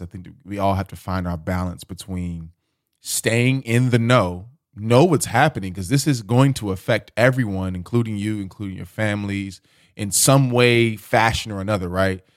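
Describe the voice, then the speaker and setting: A male podcast host talking in a relaxed, easygoing way and addressing his listeners directly. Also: sits low, no echo, clean studio sound. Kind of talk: casual podcast chat.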